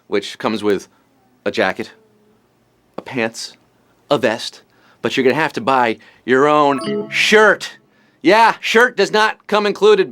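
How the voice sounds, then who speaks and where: A man's voice: on the high side, a bit bright. A man hosting a live trivia show, firing off puns and jokes between the questions. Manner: punny, jokey, fast-talking quizmaster. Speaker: quiz show host.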